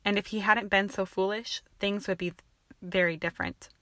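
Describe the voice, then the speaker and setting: A woman voicing a stern older Scottish headmistress with a sharp, snapping manner and a Scottish accent. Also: mid-range voice, steady tone, normal speed, dry recording, close to an everyday voice. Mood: quiet, stern.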